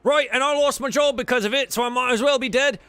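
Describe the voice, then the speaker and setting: A man's voice: extremely high pitch, fast talker, a bit bright, clear, resonant tone, dry recording, soft background music, voice pushed up. A man doing a surly fed-up sailor. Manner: curt, grumbling, swears.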